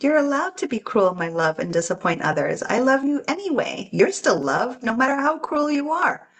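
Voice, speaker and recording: Breathy woman acting out inner voices. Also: high voice, sing-song, moderate pace. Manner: earnest, acts out inner voices with gasps. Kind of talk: casual podcast chat.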